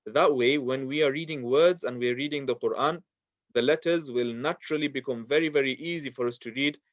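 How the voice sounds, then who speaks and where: A man's voice: medium pitch, a little fast, no echo, muffled recording. A man teaching a beginners' class, explaining each point patiently and repeating words, with many small fillers. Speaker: Quran recitation teacher.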